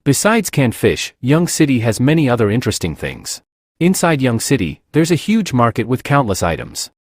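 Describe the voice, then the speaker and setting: A man's voice: medium pitch, huge pitch swings, moderate pace, no room sound, studio quality. A man reading the lines of a clever young man, eager to leave home, in a comic recap. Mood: persuasive. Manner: plainly read, barely acted.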